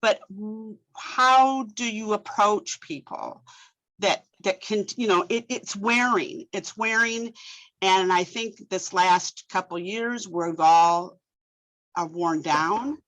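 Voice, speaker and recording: A woman's voice: medium pitch, takes it slowly, low-quality recording. Exasperated woman retelling a run-in. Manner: animated, exasperated storytelling that acts out quoted speech; frequent restarts and repeated words. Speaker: library director. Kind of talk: telling a story in a webinar discussion.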